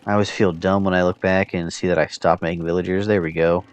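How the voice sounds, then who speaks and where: Male player, deep voice, narrates his own match loosely with ums, faint music underneath. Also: quick pace, clean tone. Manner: relaxed, thinking aloud with fillers. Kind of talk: casual gameplay commentary.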